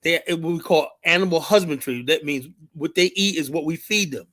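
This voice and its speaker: A man on a home live stream tells rambling stories to his chat. His voice sits a bit high for a man, and he leans on fillers as he talks. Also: moderate pace, fairly bright tone. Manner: rambling, storytelling, lots of fillers like "and whatnot". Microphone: streaming mic.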